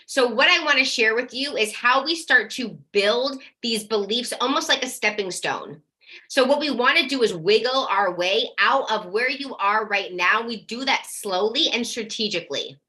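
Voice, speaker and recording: A woman's voice: on the high side, moderate pace. A woman coaching parents in a live workshop, talking directly and energetically, now and then acting out their worried questions. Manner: energetic, direct, casual swearing.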